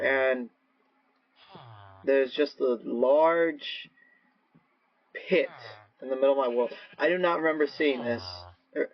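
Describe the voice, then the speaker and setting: A man's voice: medium pitch, steady tone, moderate pace, gravelly, long pauses, breathy edge. A man rambling through solo gameplay commentary on a cheap microphone, erratic and given to shrieking and swearing at sudden scares. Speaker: gaming video creator. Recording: dull lo-fi mic with faint hiss.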